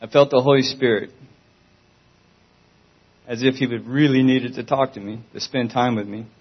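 A man's voice: mid-range voice, steady tone, normal speed, breathy edge, muffled recording. A man giving an earnest, pleading Christian testimony.

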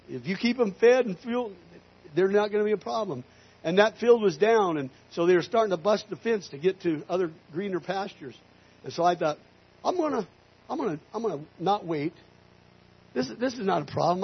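A man preaching a storytelling sermon in an animated way, rising into loud emphatic bursts. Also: a little high, husky. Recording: slightly muffled recording.

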